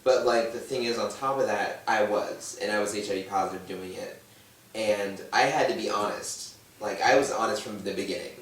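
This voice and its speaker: A man's voice: lowish voice, normal speed. A man in his thirties, a talk-show guest, frankly telling his own story and acting out the voices of the people in it. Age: 30s. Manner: animated, acts out quoted voices. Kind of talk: candid personal storytelling. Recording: echoey room, distant mic, faint noise.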